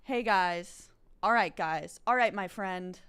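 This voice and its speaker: A woman doing a loud, hyped male streamer. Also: mid-range voice, slow pace, smooth. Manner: shouting, over-excited announcer energy.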